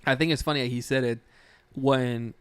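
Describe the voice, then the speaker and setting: A man's voice: mid-range voice, steady tone, normal speed, a bit bright, clean tone, dry recording. A man hosting a wrestling podcast in loose, casual chat, with lots of fillers and frequent laughs. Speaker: podcast host.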